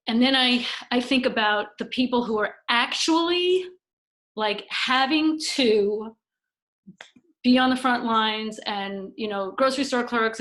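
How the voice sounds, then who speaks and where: A woman co-hosting a casual chat on a video call, telling stories animatedly and acting out what people said. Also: mid-range voice. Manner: animated storyteller, acts out quotes.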